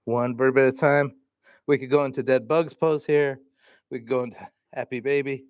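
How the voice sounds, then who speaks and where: A man leading a vinyasa yoga class, calmly cueing breath and poses with relaxed encouragement. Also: mid-range voice, a little fast, clean tone, dry recording, lo-fi sound. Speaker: yoga instructor.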